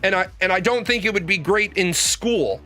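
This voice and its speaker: A man's voice: high-pitched, moderate pace, sharp tone, soft background music. A man in a casual monologue, telling stories in a blunt, rambling way with frequent swearing. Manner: blunt, profane, rambling storytelling. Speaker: show host.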